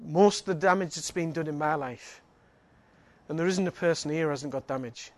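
High-voiced preacher telling stories. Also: male voice, brisk. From Northeast England. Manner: laughing, animated storyteller with frequent restarts. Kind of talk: sermon with a personal story.

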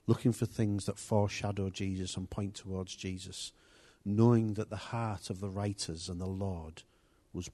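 A man's voice: lowish voice, warm tone. A man preaching an informal sermon, talking conversationally with restarts and asides to his congregation.

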